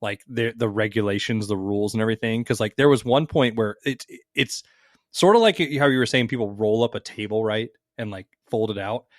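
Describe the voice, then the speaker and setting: A man's voice: on the low side, fairly quick, no room sound, clean studio sound. A man from Las Vegas co-hosting a podcast, telling stories in casual chat and swearing freely as he acts out what people said. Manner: animated storytelling, swears freely, acts out quotes. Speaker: podcast co-host.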